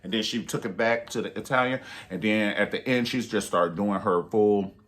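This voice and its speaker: A man in his thirties hosting a casual review vlog, telling stories with animated energy and jumping into high voices to act out quotes. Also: moderate pace. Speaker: YouTube reviewer.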